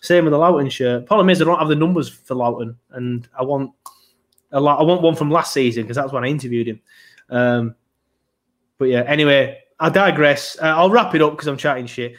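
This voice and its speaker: A man's voice: on the high side, brisk. A young man hosting a podcast in casual chat, rambling and swearing as he goes. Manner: rambling, swearing, self-interrupting. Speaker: podcast host.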